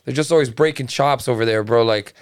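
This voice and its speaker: Crude, rambling middle-aged comedian. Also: male voice, mid-range voice, fairly quick, clear, resonant tone, no echo, clean studio sound. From Canada. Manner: crude, rambling, swears a lot. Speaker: comedian and podcast co-host. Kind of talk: casual chat.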